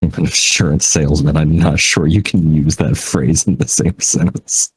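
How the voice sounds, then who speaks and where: A man's voice: a bass voice, fairly even intonation, normal speed, slightly rough, rough recording. A man co-hosting a podcast, chatting casually in a rambling, self-deprecating way with frequent laughs. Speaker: podcast co-host. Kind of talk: casual chat.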